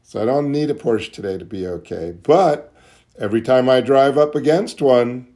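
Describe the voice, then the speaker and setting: A man candidly sharing at a recovery meeting, questioning himself aloud and dropping soft and low when he voices his inner thoughts. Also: moderate pace. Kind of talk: candid personal talk.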